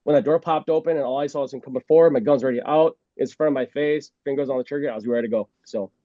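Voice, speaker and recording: A man's voice: medium pitch, racing, dark tone, no room sound, dull audio. A man who used to be a police officer tells a story in a casual way, acting out the scene and laughing often. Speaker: former police officer guest.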